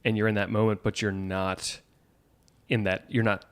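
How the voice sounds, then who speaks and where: Deep-voiced man chiming in. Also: level tone, moderate pace, clean tone. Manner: agreeable, chimes in with restarts and summaries. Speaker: podcast co-host. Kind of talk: casual podcast chat.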